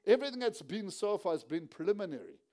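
A man delivers a sermon at a prayer meeting. His voice sits fairly high but sounds soft and mellow. He moves between storytelling and exhortation, rising and falling as he acts out the voices in his tale. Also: sing-song, fast. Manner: storytelling, acting out quoted dialogue with a rising, dropping voice. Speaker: preacher.

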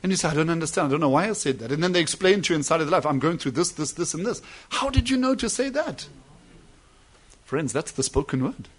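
A man preaching a sermon, dropping to soft asides and then rising to loud, drawn-out emphasis. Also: fairly high pitch, lively intonation, breathy edge.

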